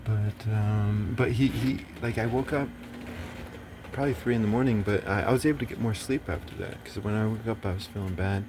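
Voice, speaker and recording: A man's voice: on the low side, fairly even intonation, brisk, noisy background. A man talking in a rambling casual monologue, swearing often and turning agitated and preachy.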